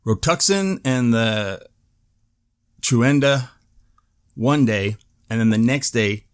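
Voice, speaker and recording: A man's voice: medium pitch, slow, clean tone. A man hosting his own show, giving a casual spoken update and telling a story with lots of swearing and laughter. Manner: animated storytelling, swears freely, laughs often. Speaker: show host. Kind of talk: casual video update monologue.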